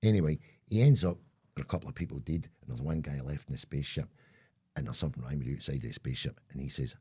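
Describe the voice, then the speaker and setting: A man's voice: extremely low pitch, fast talker, warm tone, slightly rough. A Scottish man, the older co-host of a chat show, telling rambling stories and acting out voices along the way. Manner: rambling storyteller, acts out voices. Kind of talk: casual chat.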